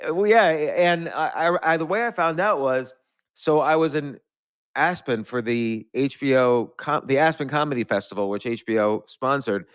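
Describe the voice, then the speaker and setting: A man's voice: medium pitch, normal speed, clean tone, no room sound, clean studio sound. A middle-aged man hosting a podcast, telling long rambling anecdotes with restarts and laughs. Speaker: podcast host. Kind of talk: storytelling in conversation.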